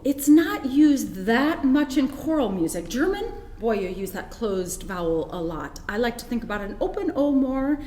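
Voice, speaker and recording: A woman's voice: on the high side, very animated, normal speed, hardly any pauses, a little mellow, echoey room, big-room sound. A woman presenting a webinar on choral conducting, explaining and demonstrating vowel sounds with frequent fillers. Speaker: choir conductor and workshop presenter. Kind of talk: webinar teaching.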